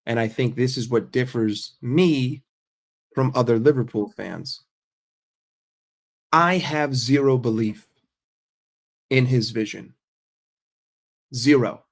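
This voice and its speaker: A man's voice: medium pitch, takes it slowly, pauses often. A man hosting a casual livestream, reading chat messages and ranting bluntly and sarcastically with frequent swearing. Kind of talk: casual livestream fan rant.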